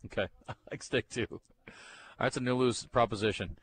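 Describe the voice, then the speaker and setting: A man's voice: medium pitch, fairly even intonation, normal speed, fairly bright tone. A man hosting a live sports talk radio show from a bookstore, chatting in an easygoing, bantering way. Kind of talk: casual radio chat.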